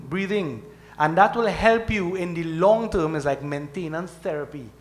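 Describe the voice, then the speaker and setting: A middle-aged man preaching to devotees at a temple, speaking conversationally and often checking in with "okay?" and "right?". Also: sits high. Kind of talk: sermon.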